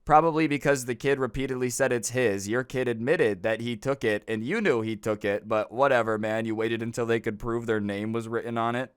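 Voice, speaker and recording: A man's voice: medium pitch, brisk, few pauses, smooth, no echo. Brief: young male storytime narrator, chatty and incredulous; clean, dry close-mic voice. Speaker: storytime YouTuber.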